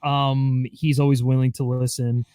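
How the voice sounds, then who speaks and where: A man's voice: medium pitch, level tone, a little slow, warm tone, clean tone, dry recording. Enthusiastic man, dry close sound. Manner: enthusiastic, full of "like". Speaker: podcast guest. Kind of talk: casual podcast chat.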